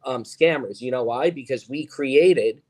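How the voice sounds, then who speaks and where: Podcast guest, male, mid-pitched, talks emphatically and rambles. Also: unhurried, a little mellow. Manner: emphatic, rambling, with many fillers. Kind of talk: casual chat.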